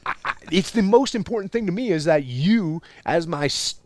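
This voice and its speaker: Speaking at a normal speed with a high pitch and lively intonation, a man in his forties who once led in the military explains his thinking on a relaxed podcast. He's forceful and explanatory, hammering points home by repeating them.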